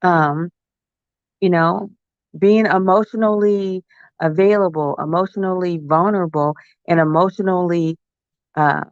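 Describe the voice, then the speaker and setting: A man hosting a casual livestream chat, talking in an easygoing way with drawn-out phrases. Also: high voice, steady tone, clean tone, dry recording. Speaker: host. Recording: dry, dull-sounding stream audio.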